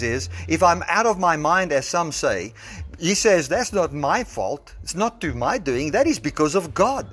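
A South African man preaching a sermon, reasoning step by step and slowing down to stress scripture, recorded on a phone in a church. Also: fairly high pitch, slightly rough.

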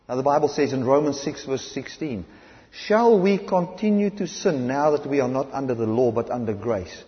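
A man's voice: mid-range voice, expressive, normal speed. Male South African preacher, fervent sermon, muffled lo-fi sound, echoing hall. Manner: impassioned, swings between loud emphatic and hushed delivery. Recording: dull lo-fi recording in a reverberant hall.

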